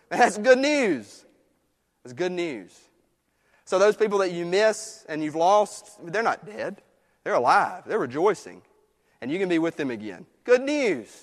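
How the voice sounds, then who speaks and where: A man preaching a sermon in a conversational way, moving between quiet, hushed passages and emphatic ones. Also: fairly high pitch. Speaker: pastor. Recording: long reverb of a church hall.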